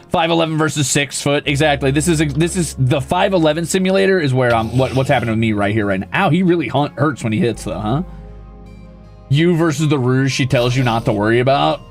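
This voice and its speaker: A man's voice: mid-range voice, a little fast, soft background music. A man streaming a building game, chatting casually with viewers in a playful, teasing, mock-boastful way. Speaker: VTuber streamer. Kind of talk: casual gaming stream chat.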